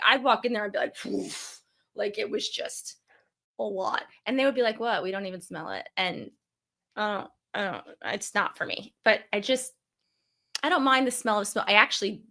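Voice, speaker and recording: A woman from New York co-hosting a podcast in casual chat, talkative and often dropping to a soft, low-key voice. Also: normal speed. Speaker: podcast co-host.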